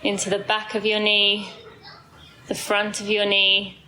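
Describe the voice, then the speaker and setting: Bright-voiced woman guiding a body scan. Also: medium pitch, slight background noise, rough recording. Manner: calm, slow guiding with soft fillers. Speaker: host leading a group run. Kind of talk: guided body scan and group instructions. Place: indoor space with a group, then outdoors on a street.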